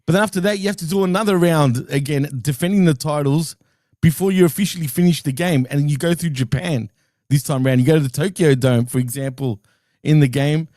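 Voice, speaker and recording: A man's voice: fairly high pitch, fairly quick, mellow, no echo, studio quality. A man co-hosting a podcast in casual chat, enthusiastic and nostalgic, laughing often. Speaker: podcast co-host.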